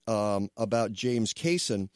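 Here the talk radio host speaks slowly and smoothly, with lively intonation in his somewhat low voice. He wanders through his points, circling back on sentences, and the studio sound stays dry and close.

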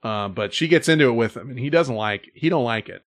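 A man's voice: medium pitch, lively intonation, brisk, no echo, studio quality. A man hosting a podcast in casual chat, rambling with many fillers as he sets up stories. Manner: rambling, filler-heavy storytelling. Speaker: podcast host.

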